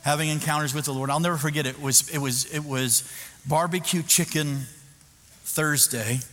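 A man, a pastor, telling a self-mocking story in a sermon, animated and full of restarts. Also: on the high side, moderate pace. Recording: echoey hall with background noise.

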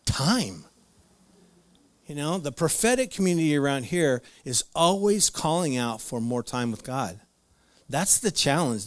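A man's voice: medium pitch, dry recording. A man preaching a conversational sermon, retelling Bible stories with playful asides and laughs. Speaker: pastor.

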